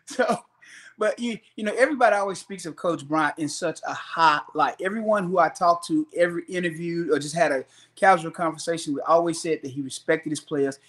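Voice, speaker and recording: A man hosting a sports podcast, chatting in a relaxed conversational way with casual grammar. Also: on the high side, a little fast. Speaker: podcast host. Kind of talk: casual interview chat.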